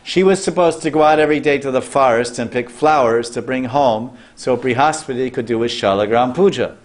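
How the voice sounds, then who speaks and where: A man's voice: medium pitch, brisk. Man telling a sacred tale to listeners. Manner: loose storytelling with restarts and questions to listeners. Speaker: spiritual teacher. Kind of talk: storytelling sermon.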